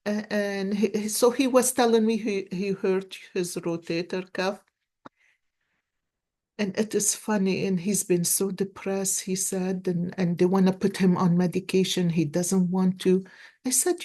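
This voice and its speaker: A woman in her sixties, a tarot card reader and life coach, gives a casual card reading. Her medium-pitched voice is mellow and steady, and she speaks unhurriedly, telling stories earnestly with many restarts.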